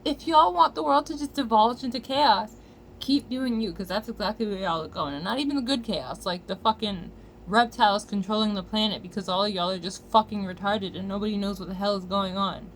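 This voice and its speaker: An American woman rants into the camera in a heated, foul-mouthed commentary, her voice jumping into loud outbursts. Her pitch sits in an ordinary middle range, and a faint hiss of noise runs underneath. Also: brisk. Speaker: vlogger. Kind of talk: angry commentary rant.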